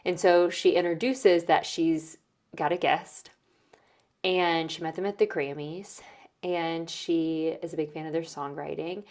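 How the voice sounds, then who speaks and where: Female host, low voice, casual storytelling recap, filler-heavy. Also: fairly even intonation, measured pace, darkish tone. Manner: chatty, many "like" and "um" fillers. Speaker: podcast host.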